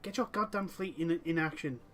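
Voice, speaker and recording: Bright high-voiced man narrating gameplay. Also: brisk, slight background noise. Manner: exasperated, talks to units and nations in the game. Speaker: gameplay commentator. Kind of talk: strategy game let's play commentary.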